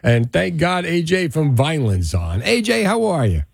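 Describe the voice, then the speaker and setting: A man hosting a radio call-in show, chatting in a lively, upbeat way with callers. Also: on the high side, normal speed, gravelly, breathy edge. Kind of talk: talk radio call-in chat.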